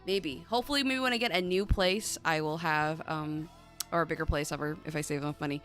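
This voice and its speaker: A woman's voice: low-pitched, fairly quick, a bit bright, soft background music. A chatty woman hosting a casual tarot livestream, bubbly and swearing freely. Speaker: tarot reader and livestream host.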